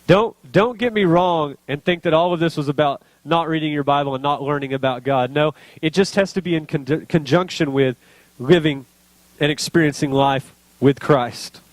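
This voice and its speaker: A man's voice: on the high side, normal speed, no echo. A man preaching a sermon as pastor, speaking earnestly and building to emotional intensity.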